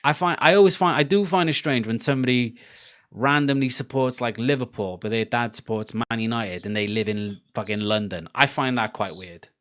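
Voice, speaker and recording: A Welsh man from Cardiff, speaking in a Welsh accent, chats loosely to his live stream audience. He swears often, laughs between rants, and keeps an easy, middle-pitched voice. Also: normal speed, a bit bright. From Wales, Cardiff. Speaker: livestream host. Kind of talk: casual chat on a live football watchalong stream.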